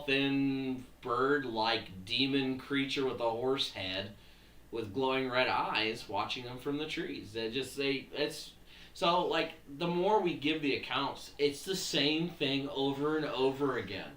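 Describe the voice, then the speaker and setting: Podcast host guy, casual chat, excitable storyteller, lots of "dude", bright voice in a roomy room. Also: medium pitch, unhurried. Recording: roomy, mic at a distance, faint hiss.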